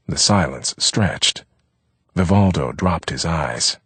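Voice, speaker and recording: Deep voiced guy reading an audiobook, husky, lots of lilt, dead dry studio. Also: expressive, slow, a bit bright, no room sound. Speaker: audiobook narrator. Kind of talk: audiobook narration.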